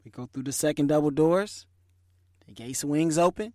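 A man hosts a podcast and tells a story in a lively, chatty way with plenty of slang. His voice sits a little higher than most men's. The sound is dry and close, with no room echo. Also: moderate pace. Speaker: podcast host. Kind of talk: casual storytelling.

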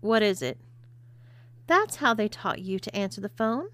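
A woman's voice: mid-range voice, very animated, normal speed, fairly bright tone. A woman reading as a glum, timid young man. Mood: groggy. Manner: sleepy and sulky.

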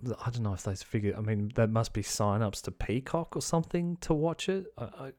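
A man's voice: mid-range voice, fairly quick, darkish tone. A man hosting a podcast, giving blunt, rambling opinions with frequent swearing and restarts. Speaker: podcast host. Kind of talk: casual opinion commentary.

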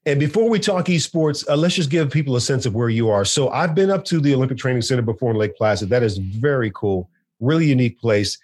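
A man hosting an esports podcast, a sports broadcaster talking in a chatty, animated way with fillers and interviewing guests over a video call. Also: medium pitch, fast. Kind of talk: casual podcast talk and interview.

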